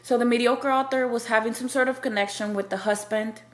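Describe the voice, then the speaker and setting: A book reviewer with a fairly high voice and fairly even intonation speaks briskly as she casually recaps a novel's plot, spoilers included. She rambles with plenty of fillers and restarts, acting out the characters' quoted lines.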